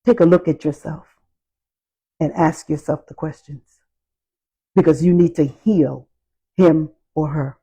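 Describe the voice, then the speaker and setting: A woman giving a motivational talk on healing, speaking in slow, emphatic, repetitive phrases. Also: deep voice, fairly even intonation, warm tone, breathy edge, lo-fi sound.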